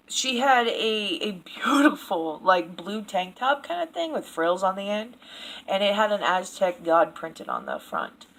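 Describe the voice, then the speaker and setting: A woman's voice: medium pitch, fairly bright tone, poor audio. A woman vlogging a casual opinion rant to camera, blunt and profane, laughing at her own jokes. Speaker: video blogger.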